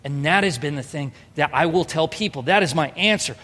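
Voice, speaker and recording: A pastor in his thirties preaching an earnest, emphatic sermon, moving between soft storytelling and raised exhortation. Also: a little high, lively intonation, moderate pace, few pauses. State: emotional, near tears. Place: church hall. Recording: reverberant hall.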